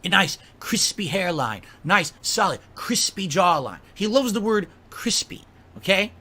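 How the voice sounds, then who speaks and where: A man's voice: sits high, very animated, measured pace, bright, forceful tone. A man delivering an angry, profane rant, scolding and mocking someone at length. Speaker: streamer.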